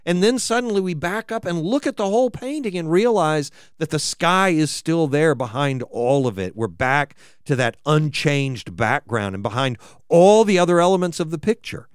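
A man's voice: on the high side, lively intonation, normal speed, clean tone, no room sound, studio quality. A man preaching a sermon, reading scripture aloud with rising and falling emphasis.

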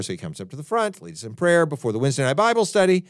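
A man preaching as a pastor in a conversational sermon, animated and talking straight to his listeners with asides. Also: mid-range voice, racing, no echo, clean studio sound.

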